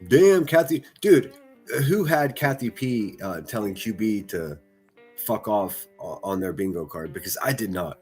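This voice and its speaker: A man's voice: on the low side, animated, unhurried, darkish tone, soft background music. A man hosting a livestream, reacting to clips with mocking, profane, sarcastic commentary.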